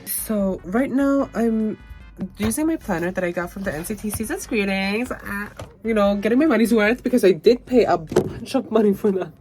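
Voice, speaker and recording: A woman's voice: medium pitch, moderate pace, a little mellow, low-quality recording. A young woman vlogging her week in a casual, chatty way, swearing freely and giggling now and then. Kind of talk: casual vlog chat. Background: music.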